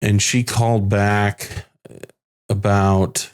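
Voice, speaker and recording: A bereaved father, a podcast guest, recounting a hard personal story in a halting way with many restarts. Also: lowish voice, flat delivery, clean tone. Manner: halting, restarts often, quotes others' words. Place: home in the Phoenix area.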